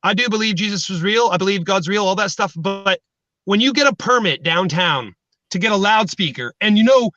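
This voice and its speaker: A man guests on a chat show and spins animated comic stories. His voice sits high and sounds bright and forceful. It comes through a dry, muffled remote line. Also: brisk. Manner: joking, animated storytelling. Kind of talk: comedic casual chat.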